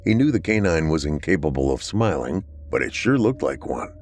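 A man narrating a scripted story for a podcast in a measured, slow storytelling delivery. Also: a bass voice, big pitch swings, a little mellow, slight background noise.

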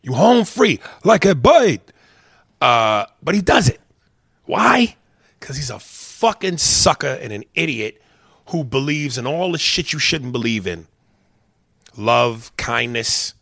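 A man telling a story as a heated, profane rant, swinging between loud outbursts and low muttered asides. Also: lively intonation, slow, gravelly, dry recording, studio quality.

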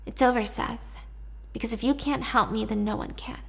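A woman voicing a needy, manipulative young woman in captivity, talking softly and pleadingly. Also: on the high side, steady tone, normal speed.

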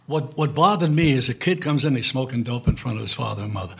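An older man with a New York accent, telling stories in an interview, animated and swearing freely. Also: medium pitch, fast talker, creaky, slightly rough. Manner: animated storyteller, swears freely, acts out quotes. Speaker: guest, actor. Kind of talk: casual storytelling interview. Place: club room.

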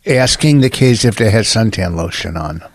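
A man's voice: lowish voice, lively intonation, normal speed, no echo, clean studio sound. A man co-hosting a podcast, bickering defensively with his partner and talking over her, his voice jumping up when he argues. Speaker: podcast co-host. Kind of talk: casual bickering chat.

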